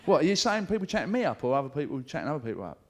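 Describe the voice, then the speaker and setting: Swearing stand-up comic, lively pitch. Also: male voice, rapid-fire. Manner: swearing, chatty, mimics voices for jokes. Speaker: stand-up comedian. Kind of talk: live stand-up comedy. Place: comedy club stage. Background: audience laughter.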